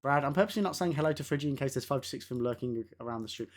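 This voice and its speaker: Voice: medium pitch, lively intonation, racing. A game streamer chatting casually with live viewers, laughing often and swearing now and then.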